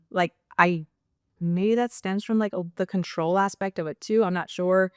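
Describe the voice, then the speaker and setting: A woman's voice: lowish voice, brisk, clear, resonant tone, dry recording, clean studio sound. A young adult woman, a guest in a casual interview, talking openly and reflectively with many fillers. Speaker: guest, nurse practitioner.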